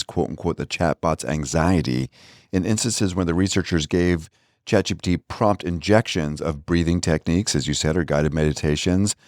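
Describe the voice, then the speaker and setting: A man with a very low voice co-hosts a relaxed podcast. He is chatty and jokey and explains stories in long runs. The sound is close and dry, with no room echo. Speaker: podcast co-host. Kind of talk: casual podcast chat. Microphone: studio microphone, on camera.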